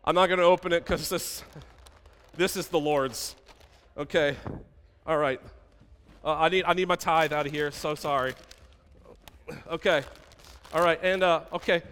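Bright-voiced pastor in a reverberant church. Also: male voice, fairly high pitch, fairly even intonation, normal speed, pauses often, slight background noise. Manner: playful, asks the congregation questions. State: out of breath. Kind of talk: sermon with props. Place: church stage.

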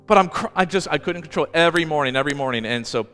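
A male pastor talks through a personal sermon with earnest restarts, his voice sitting fairly high. He sounds close to tears. The church hall adds a long reverb, with soft music playing faintly behind him. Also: animated, very fast, clean tone. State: emotional, near tears.

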